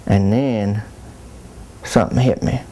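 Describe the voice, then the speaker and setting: Brief: man, lowish voice, drawling folksy storyteller, rambling and plainspoken. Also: steady tone, slow pace, mellow. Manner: folksy drawling Southern country talk. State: soaked and cold. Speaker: comedic character monologue. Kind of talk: rambling small-town storytelling.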